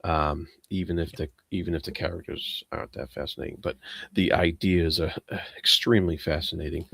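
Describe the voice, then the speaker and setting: A man's voice: low-pitched, steady tone, brisk, vocal fry, a bit bright, slightly rough, dry recording. A man taking part in a casual book club discussion, rambling and hesitant, with many fillers, and laughing at himself.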